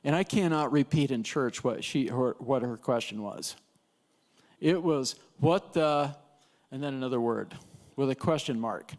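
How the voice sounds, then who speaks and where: A man's voice: mid-range voice, moderate pace, a little mellow. A man teaching an evangelism class at church, telling stories in a chatty way with laughs and restarts. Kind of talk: casual storytelling lesson.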